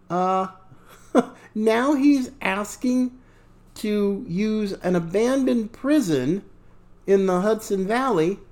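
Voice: mid-range voice, a little mellow. A podcast host giving sarcastic political opinion commentary, mocking and chuckling between remarks.

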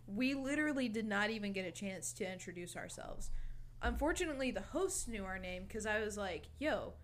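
A young woman in her twenties telling a lively story in casual chat, swearing freely and quoting her friend. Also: medium pitch, a little fast, a little hiss or hum. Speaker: guest storyteller.

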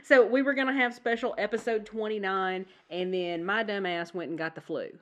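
A woman co-hosting a casual podcast chat while sick with the flu, coughing now and then, chatty and quick to laugh. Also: medium pitch, highs cut off. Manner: chatty, rambling, laughs easily. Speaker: podcast co-host.

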